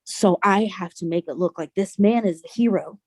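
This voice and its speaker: A young adult woman, a podcast guest, telling a personal story in an earnest, halting way with many restarts. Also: medium pitch, a little mellow, no echo.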